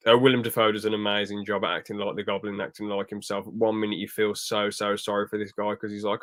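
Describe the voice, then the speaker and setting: A man's voice: fairly low pitch, little pitch movement, a little fast, few pauses, a bit bright. A young man reviewing a film on a podcast in casual chat, rambling and restarting his sentences, acting out quotes as he goes. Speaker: podcast host.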